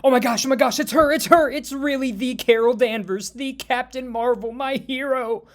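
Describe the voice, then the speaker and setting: A man voicing a shrill, excited teenage superfan girl who gushes breathlessly. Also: measured pace. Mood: ecstatic. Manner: squealing, breathless fan gushing.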